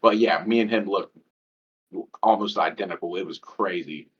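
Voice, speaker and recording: A man's voice: deep voice, moderate pace, husky. A laid-back man co-hosting a podcast in casual chat. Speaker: podcast co-host. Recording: dull, lo-fi sound.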